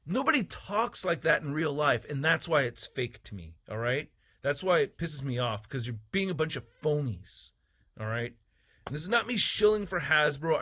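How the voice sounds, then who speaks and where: Husky male toy reviewer, raised-pitch tone, angry profane vlog rant. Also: fairly bright tone. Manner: heated, profane, combative; mocking, sarcastic asides. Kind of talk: ranting opinion vlog.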